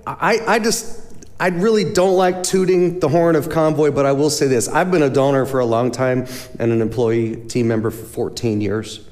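Man, guest speaker, storytelling sermon, acts out quotes, mid pitch, long hall reverb. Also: darkish tone. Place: church sanctuary.

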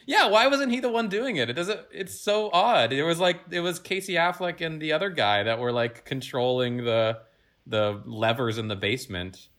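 A man's voice: on the high side, animated, moderate pace, a bit bright. A man chatting casually about movies with friends, laid-back and a bit hesitant.

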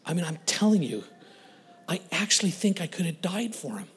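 A male guest speaker telling a personal story in a sermon, animated, laughing and acting out the voices of the people in it. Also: high-pitched, brisk, husky. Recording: long reverb of a large hall.

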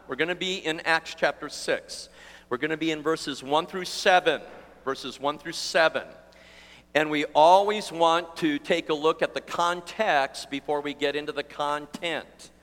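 In a church hall with long reverb, a pastor in his sixties addresses his congregation with a fairly high, somewhat bright voice. His live sermon takes a conversational turn as he shares a self-deprecating story.

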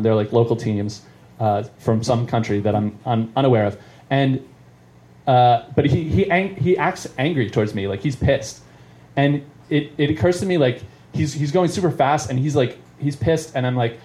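Dark-voiced man telling a rambling story. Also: mid-range voice, normal speed. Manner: rambling, self-interrupting, chuckles at his own story. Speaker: comedian. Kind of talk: stand-up storytelling. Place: live venue.

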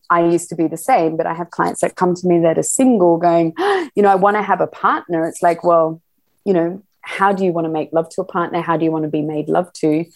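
A middle-aged woman talking casually as a podcast guest, animated and laughing often as she acts out little quotes. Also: mid-range voice. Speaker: podcast guest, sex educator. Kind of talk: casual interview chat.

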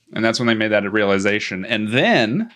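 A man's voice: lowish voice, fairly bright tone, slight background noise. A man casually recapping a movie plot on a podcast, rambling with restarts and laughing at his own jokes. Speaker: podcast host.

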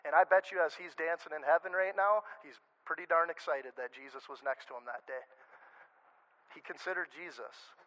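A male pastor giving a sermon in a conversational, animated way, often restarting his sentences. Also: fairly high pitch, normal speed, rough recording.

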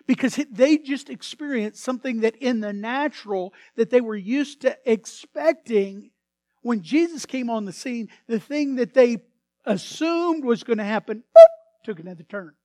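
A man preaching a sermon as pastor, swinging between hushed asides and sudden loud bursts. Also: extremely high pitch, animated, moderate pace, dry recording.

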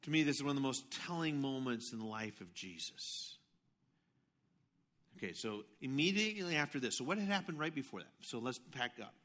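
Bright-voiced animated male pastor. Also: high voice. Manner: animated storytelling, swinging between hushed asides and loud outbursts. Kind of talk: sermon.

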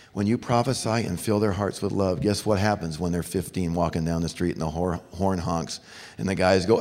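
This middle-aged man preaches an earnest sermon to fathers, telling stories and acting out voices. His voice sits low and steady, slightly fast and a bit mellow. A long hall reverb surrounds the recording.

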